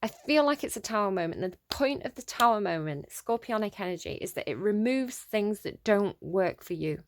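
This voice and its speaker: A woman's voice: mid-range voice, moderate pace. Chatty woman giving a tarot reading. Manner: chatty, thinks aloud with many ums and restarts; gets excited and exclaims over the cards. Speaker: tarot reader.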